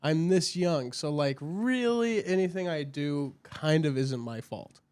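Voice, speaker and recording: A man's voice: fairly high pitch, animated, a little slow, darkish tone, smooth, dry recording. A young man co-hosting a podcast in casual chat, easygoing and laughing, sometimes trailing off. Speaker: podcast co-host.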